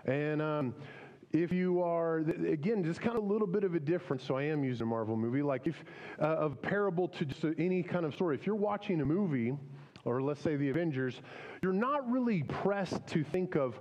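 A man's voice: fairly high pitch, lively intonation, a little fast, darkish tone, lo-fi sound. A man preaching a casual, conversational sermon, with many fillers and restarts. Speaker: pastor. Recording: long hall reverb.

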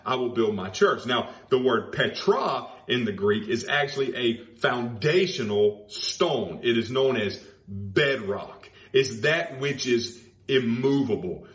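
Male preacher, emphatic, lively pitch swings, repeats key phrases slowly, echoey room. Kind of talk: sermon. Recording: roomy echo.

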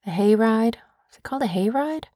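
A mother talking a little fast in a slightly high voice co-hosts a relaxed podcast conversation with her young son. Her storytelling is animated, and she converts the tales into lessons with a teaching tone. The studio-quality recording is dry.

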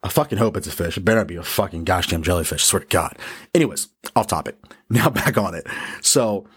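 A man with a low, husky voice talks straight through a casual motivational monologue as a podcast host. He swears often and pokes fun at himself while staying blunt. His tone is rough rather than polished. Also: animated, brisk. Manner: profane, blunt, self-deprecating.

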